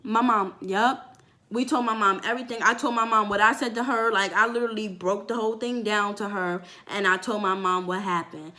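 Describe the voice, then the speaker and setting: A young woman vlogger telling a story from her life in a casual, animated way, with lots of "like" and acted-out voices. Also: mid-range voice, fairly quick. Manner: animated storytelling, fillers with "like", acts out quoted voices.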